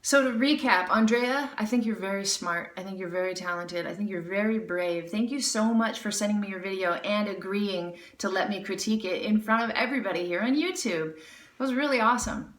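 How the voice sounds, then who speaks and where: A woman's voice: mid-range voice, a little fast, recorded from a distance. Lady jazz teacher, chatty, sings little scat bits, sounds a bit off-mic in an echoey room w/ faint music. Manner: demonstrates scat syllables by singing; encouraging, chatty. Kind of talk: music lesson critique.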